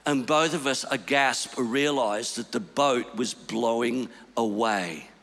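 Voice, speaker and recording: A man preaching a storytelling sermon, swinging between hushed lines and shouted ones. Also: medium pitch, slow pace, vocal fry, long reverb tail.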